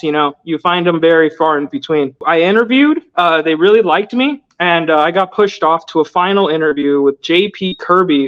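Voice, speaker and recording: Young male guest, high voice, rambling earnest delivery, dull lo-fi audio. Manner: loose, filler-heavy, earnest. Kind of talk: casual storytelling interview.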